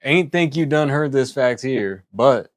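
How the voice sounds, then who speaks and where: A man putting on a slow-drawling cowboy. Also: medium pitch, lively intonation, pitched above the performer's own voice, close to an everyday voice. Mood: folksy. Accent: put-on Western cowboy drawl. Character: drawling folksy male cowboy storyteller.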